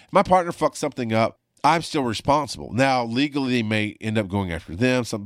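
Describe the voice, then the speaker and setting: In a dry, studio-quality recording, a man with a mid-range voice hosts his own show. The ex-paramedic tells stories casually in a rambling, foul-mouthed, blunt style.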